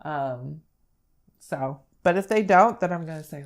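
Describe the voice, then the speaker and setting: A young woman speech therapist calmly explaining, step by step, how to model words while reading with a child. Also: low-pitched, measured pace. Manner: calm, step-by-step explaining with fillers. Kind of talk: instructional demonstration.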